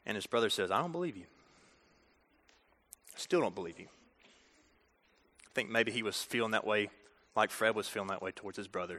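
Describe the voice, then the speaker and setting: A man preaching a storytelling sermon, talking directly to the audience in an animated way. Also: lowish voice. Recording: reverberant hall.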